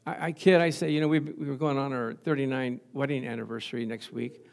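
A man's voice: mid-range voice, fairly even intonation, brisk, creaky. A man in his sixties preaching a sermon in church, telling funny stories about his marriage, laughing often and calling out "Amen?" to the congregation. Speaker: pastor. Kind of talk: humorous sermon.

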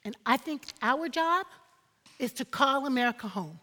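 A woman's voice: sits high, expressive, normal speed, sharp tone, in a large hall, a little hiss or hum. A woman preaching a sermon, emphatic and repeating phrases for effect, calling on the congregation for amens.

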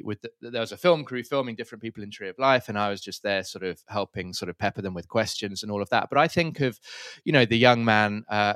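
A man's voice: lowish voice, a bit bright, smooth, no room sound, studio quality. A man talking as a podcast guest, telling stories in an earnest, reflective way and laughing easily. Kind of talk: conversational storytelling.

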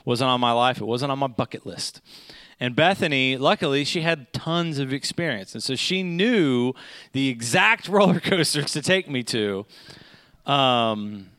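A man's voice: mid-range voice, expressive, a little slow, fairly bright tone, no room sound. A middle-aged man telling a humorous personal story to an audience, often checking in with "okay?" and "right?".

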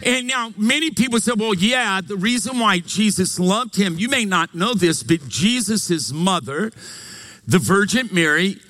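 High-pitched pastor guy preaching live in a church, jokey, keeps getting the crowd to say it with him. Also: measured pace. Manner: energetic, joking, calls on the congregation to respond. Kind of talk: sermon.

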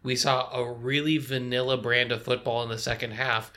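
A man co-hosting a sports podcast, giving quick, analytical breakdowns and reading off stats. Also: medium pitch, flat delivery, sharp tone. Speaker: podcast co-host.

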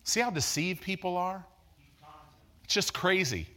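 Man in his sixties, preacher, sermon, animated storyteller, emphatic, sharp-edged voice, swinging pitch. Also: a little slow.

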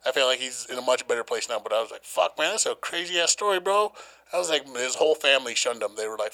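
A man's voice: medium pitch, fast talker. A young man co-hosting a podcast, telling a story casually with lots of swearing and acted-out quotes. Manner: profane, animated storytelling, acting out quotes. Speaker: podcast co-host.

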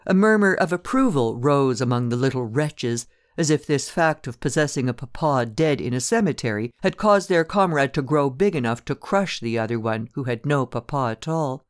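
A man narrating a classic short story in a measured, steady storytelling manner. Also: mid-range voice, no echo, clean studio sound.

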